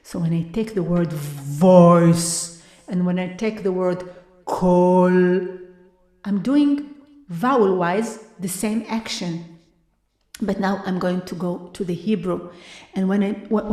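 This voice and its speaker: Slow, deliberate woman in an echoey hall. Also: lowish voice. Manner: moves between hushed whispers and loud drawn-out syllables; slow and deliberate, repeating sounds for effect. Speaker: vocal artist lecturing. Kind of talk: live lecture-performance with vocal demonstrations. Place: university hall, live before an audience. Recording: echoey live room.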